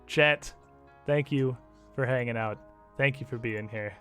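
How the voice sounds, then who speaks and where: Bright-voiced male game master. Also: medium pitch, unhurried, faint music behind. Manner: relaxed narration with frequent fillers. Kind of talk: narrating a tabletop game.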